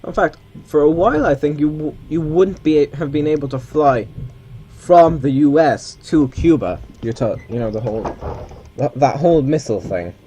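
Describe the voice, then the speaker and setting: A man's voice: fairly high pitch, moderate pace, warm tone, slight background noise. A man giving casual, rambling commentary while playing a flight simulator. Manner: rambling, chatty asides with self-corrections.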